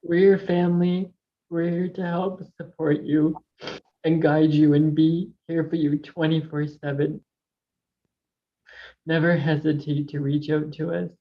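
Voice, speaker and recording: Slow, soothing voice on a dull recording. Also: medium pitch, little pitch movement.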